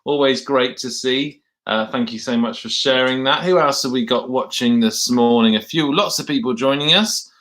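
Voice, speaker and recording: Bright-voiced male teacher hosting a livestream. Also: mid-range voice. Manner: friendly, with "uh" pauses while reading out names. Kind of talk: casual chat.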